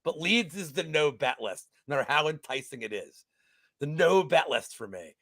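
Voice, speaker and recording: A man co-hosting a casual sports betting chat, profane and excitable, swinging from loud outbursts to mumbling, just getting over a cold. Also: a little high, moderate pace, gravelly, no room sound, clean studio sound. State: recovering from a cold. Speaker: co-host.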